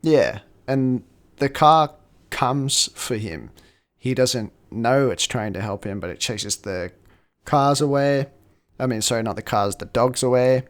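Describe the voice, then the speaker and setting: A man's voice: mid-range voice, a little slow. A man co-hosting a podcast, casually recapping a film with lots of swearing. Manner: profane, animated retelling. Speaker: podcast co-host.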